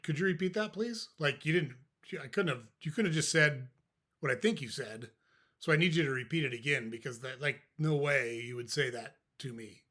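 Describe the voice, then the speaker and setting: Bright-voiced older man giving dry advice. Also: mid-range voice. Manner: conversational, dry, acts out sample replies. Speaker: podcast host. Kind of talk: casual advice talk.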